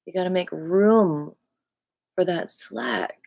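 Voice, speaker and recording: Brief: woman qigong teacher, tired, talking slowly in a lowish voice outdoors, birds behind. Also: dry recording. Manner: rambling, relaxed, full of fillers. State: tired from staying up all night. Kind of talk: casual meditation talk. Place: outdoors among trees. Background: birds and rustling trees.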